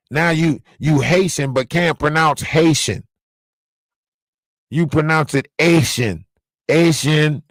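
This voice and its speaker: A man's voice: mid-range voice, no echo, rough recording. A man delivering a profane, confrontational rant on a livestream, scolding someone directly. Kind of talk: ranting livestream monologue.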